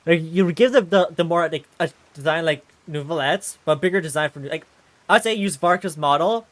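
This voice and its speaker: Excitable ranting male streamer, close and dry. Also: on the high side, fairly quick, dry recording. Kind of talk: casual live-stream commentary.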